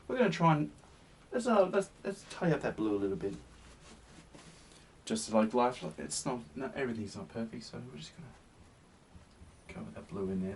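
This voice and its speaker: A man hosting a painting demonstration, gentle and encouraging, often sinking to a soft near-whisper. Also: on the low side. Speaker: painting tutorial host. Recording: slightly distant mic with faint hiss.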